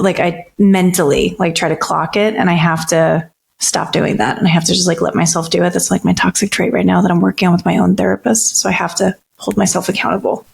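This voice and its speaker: A woman co-hosting a casual podcast as a therapist. Her voice sits on the low side with a gravelly fry. She speaks openly and reflectively, working through her ideas at length. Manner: candid, reflective, talks in long stretches. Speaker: therapist co-host.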